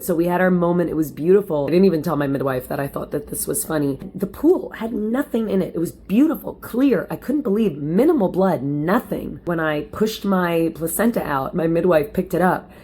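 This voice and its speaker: A woman with a fairly low alto voice talks casually to camera at home. Her delivery is chatty and animated, and she speaks directly to her viewers as she tells her story. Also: brisk, few pauses, slightly rough. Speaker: vlogger. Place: at home, lit by window light.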